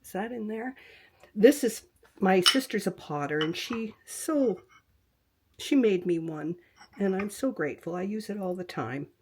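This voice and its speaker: A woman's voice: mid-range voice, a little mellow, slight background noise. An older woman hosting a casual quilting tutorial from her home craft room on a webcam, chatting and talking to herself as she works, sometimes dropping into a whisper. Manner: chatty, talks to herself while working, drifts into whispers.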